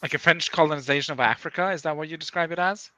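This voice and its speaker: A man in casual chat with fellow writers, joking in a dry, deadpan way with hesitant fillers. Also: on the high side, racing, dry recording. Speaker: writer guest.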